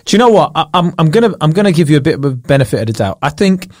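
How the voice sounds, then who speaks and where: A British man co-hosting a podcast, teasing and quizzing his co-host in relaxed, jokey chat. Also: fairly high pitch, rapid-fire, dry recording, studio quality. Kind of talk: casual comedic chat.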